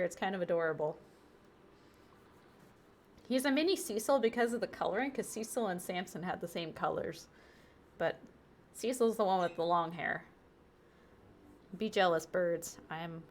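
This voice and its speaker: A woman's voice: mid-range voice, slight background noise. A woman chatting casually on a live game stream through a wireless headset, bubbly and talkative, cooing now and then at her pet.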